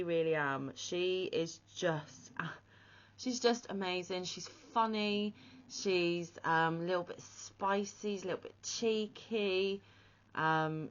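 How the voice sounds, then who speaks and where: A woman hosts her crochet channel in a casual, gushing way, full of heartfelt emotion. Her voice sits a little low. The audio is slightly dull and lo-fi. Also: a bit bright. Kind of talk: casual vlog shout-out.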